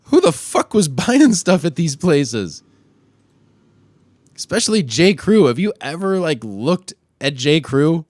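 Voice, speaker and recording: A man hosting a podcast, ranting casually and crudely, often pushing his voice louder and higher when worked up. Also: sing-song, takes it slowly, no echo. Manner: profane, crude trolling rant. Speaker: podcast host. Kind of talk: casual solo rant.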